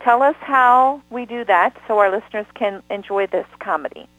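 A woman's voice: medium pitch, moderate pace, a bit bright, no echo, rough recording. A woman hosting an interview show, effusive and full of praise for her guest. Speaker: podcast host.

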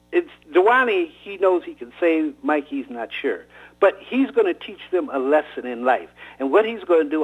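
A man's voice: a little high, breathy edge. A man casually retelling and reading a novel aloud on the radio, heard over a tinny phone-like line. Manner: casual, animated storytelling.

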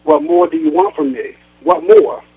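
A man's voice: on the high side, a little fast, breathy edge. A man reading the lines of a stern, guilt-tripping aging mother on a phone call, sarcastic and reproachful, over a tinny phone line. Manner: sarcastic, reproachful, then sweet.

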